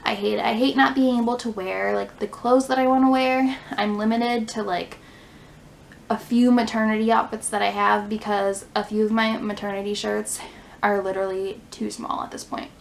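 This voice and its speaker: A woman's voice: mid-range voice, fairly even intonation, normal speed, vocal fry, a little hiss or hum, rough recording. A young woman, a stay-at-home mom, chatting casually in a vlog, a little out of breath and full of "like" fillers. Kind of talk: casual pregnancy update vlog. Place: home near a fire station.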